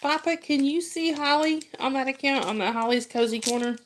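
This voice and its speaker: A woman's voice: high voice, a little fast, slight background noise. A woman hosting a casual livestream, chatting with viewers, greeting them by name and laughing often. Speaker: livestream host.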